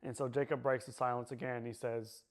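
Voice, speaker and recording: Guy telling his own hard story, pretty monotone, halting and repeating himself, lots of "like". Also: mid-range voice. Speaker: survivor sharing his personal story. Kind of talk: personal testimony.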